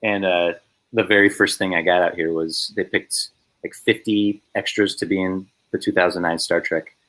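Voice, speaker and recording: A man's voice: deep voice, moderate pace. A man, a filmmaker guest on a podcast, telling a funny story in a casual way and acting out the voices of the people in it. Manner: animated storyteller, acts out voices.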